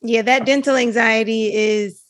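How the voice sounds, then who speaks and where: A woman's voice: on the high side, fairly even intonation, unhurried. A young woman who is a dental student, hosting a podcast and chiming in with agreeing remarks. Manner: chatty, agreeing interjections. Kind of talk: casual interview chat.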